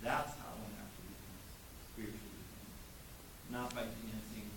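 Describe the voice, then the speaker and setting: A man's voice: on the low side, fairly even intonation, normal speed, vocal fry, heavy reverb, far from the mic. A man giving a religious class, emphatic and full of rhetorical questions. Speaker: class speaker. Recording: hissy recording.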